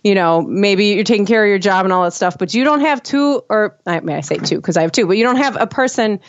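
A woman's voice: mid-range voice, no echo. Chatty mother, dull dry recording. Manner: animated, rambling, many fillers and restarts. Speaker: mother of two sharing parenting experience. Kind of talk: casual podcast conversation.

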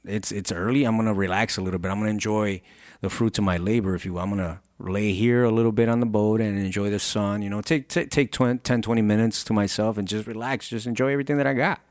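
A man's voice: fairly low pitch, fairly even intonation, fast talker, no echo, studio quality, close to an everyday voice. A man voicing an easygoing fisherman who is happy with his day's catch. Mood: relaxed. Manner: easygoing, unbothered. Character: laid-back fisherman, grown man, content.

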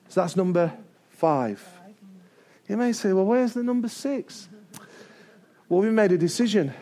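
A man preaching a sermon to his church, energetic and building to shouts, with joking asides. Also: on the high side. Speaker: pastor. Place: church service before a congregation.

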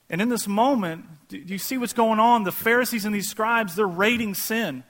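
A pastor preaching a sermon in a casual, conversational way, acting out quoted voices. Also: male voice, sits high, normal speed, hardly any pauses, a bit bright.

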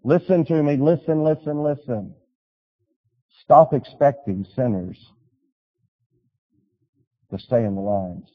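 A man preaching a sermon, telling stories and urging his listeners, swinging from loud appeals to quiet pleas. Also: mid-range voice, slow pace, long pauses, long reverb tail, phone-quality sound. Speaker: pastor.

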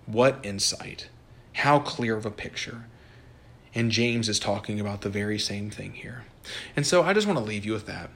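An earnest man preaches in a plain, conversational way. He reads a passage aloud, then speaks directly and sincerely to his listeners. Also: medium pitch. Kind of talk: sermon with read-aloud story.

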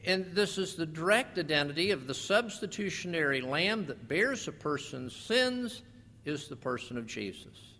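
A man preaching a sermon as pastor, animated, slowing down for scripture and putting questions to the congregation. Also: fairly high pitch, slight background noise. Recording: long reverb of a large hall.

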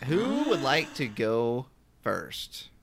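A man hosting a podcast, introducing segments in an announcer-like, lively way. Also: mid-range voice, drawn-out words, creaky. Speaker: podcast host. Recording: loud crowd noise behind.

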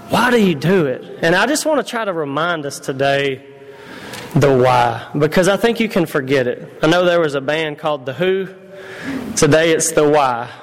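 A man preaching a conversational sermon, repeating himself and putting questions to his congregation. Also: fairly high pitch. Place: church hall. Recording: long reverb of a church hall.

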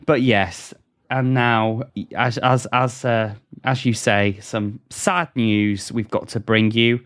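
A man's voice: mid-range voice, steady tone, slow pace, fairly bright tone. Man, podcast co-host, casual chat, giggly, loose delivery. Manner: keeps breaking into laughter.

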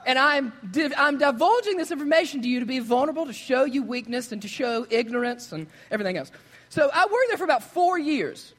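A man's voice: extremely high pitch, big-room sound. A young man preaching a casual, joking sermon, telling stories and acting out the people in them. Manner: joking, storytelling, quotes others in lively voices. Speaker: pastor. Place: church sanctuary.

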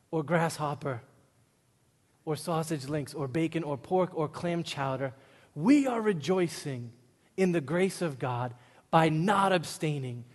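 Emphatic preacher. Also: male voice, a little high. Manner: emphatic, humorous preaching with acted-out outbursts. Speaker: pastor. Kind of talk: sermon. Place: church hall. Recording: long reverb of a large hall.

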